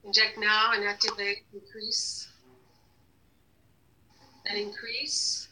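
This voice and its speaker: Woman, healing session leader, slow commanding chants with fillers, very bright tone. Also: mid-range voice, level tone, slight background noise, poor audio. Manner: slow, repeated commands to an unseen device, many hesitations. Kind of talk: guided energy healing session.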